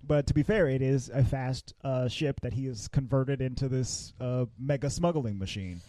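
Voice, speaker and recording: A man's voice: mid-range voice, normal speed, warm tone, dry recording. A man co-hosting a movie podcast in casual discussion, animatedly retelling scenes and often repeating his words. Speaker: podcast co-host.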